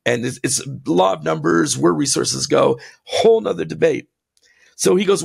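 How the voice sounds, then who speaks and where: A man co-hosting a podcast who rants in a heated, blunt way, laughing between his jabs, with a gravelly voice. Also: fairly high pitch, moderate pace. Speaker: podcast co-host. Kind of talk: impassioned ranting podcast talk.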